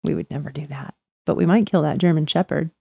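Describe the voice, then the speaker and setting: A woman's voice: low voice, fast, vocal fry, a little mellow, husky, no room sound, muffled recording. A woman chatting casually, telling stories about her neighbors, acting out their lines and laughing often. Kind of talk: casual chat.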